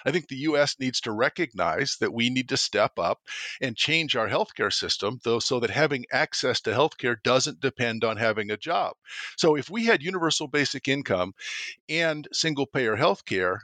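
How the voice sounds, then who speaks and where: An older man with a bright, forceful voice makes his case in a relaxed interview, thoughtful and emphatic, often repeating a word as he starts a sentence. The sound is dry and close, with no room around him. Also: mid-range voice, moderate pace, no echo. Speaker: author and professor, interview guest. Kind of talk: conversational interview.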